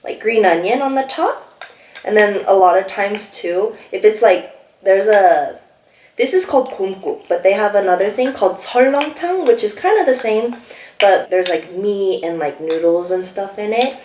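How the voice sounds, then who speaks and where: A bubbly, excitable young woman hosting a casual mukbang, chatting about her food and laughing often. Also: medium pitch, normal speed, slight background noise. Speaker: mukbang host. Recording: echoey room, mic somewhat distant.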